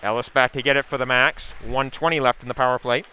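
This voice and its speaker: A man giving a steady, running play-by-play call of a hockey game, with asides and sponsor plugs. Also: medium pitch, fast talker, a little hiss or hum. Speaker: play-by-play commentator. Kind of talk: live hockey play-by-play commentary.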